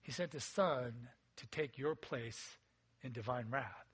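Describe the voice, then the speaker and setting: A man preaching a sermon as a pastor, in a conversational way that swings between loud emphasis and quiet, intimate asides. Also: mid-range voice, slow pace, husky.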